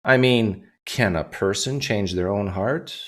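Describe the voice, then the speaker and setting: A man's voice: on the low side, takes it slowly, a bit bright. A man hosting a livestream, talking casually and reading donation messages aloud. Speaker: livestream host.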